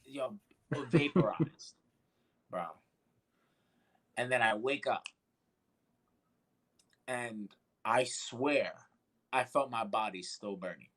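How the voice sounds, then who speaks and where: Man, casual podcast co-host, lively storyteller who curses freely and jumps into character voices; mid-pitched. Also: slow, pauses often, low-quality recording. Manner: animated, swearing, acts out voices in his stories.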